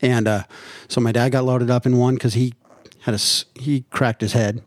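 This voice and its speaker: A man's voice: medium pitch, fairly even intonation, normal speed, dry recording, studio quality. Joking man telling a crash story. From Nevada. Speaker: podcast guest. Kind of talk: casual chat.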